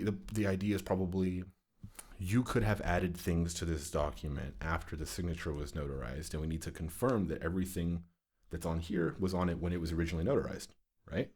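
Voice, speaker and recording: Full of swearing and exasperation, a young man co-hosting a podcast rants while chatting casually and telling stories. His voice sits low and sounds a little mellow.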